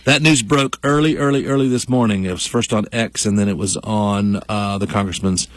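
A man's voice: fairly low pitch, normal speed, no echo. A man co-hosting a local morning radio show, chatting casually and upbeat, often trailing off mid-sentence. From Western North Carolina. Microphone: studio microphone. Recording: dry close studio sound.

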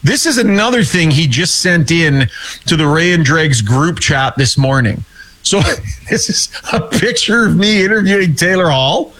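A man's voice: on the high side, lively intonation, unhurried, fairly bright tone. A man telling an exasperated, rambling story in casual chat over a video call. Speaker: hockey podcast co-host and weekly guest.

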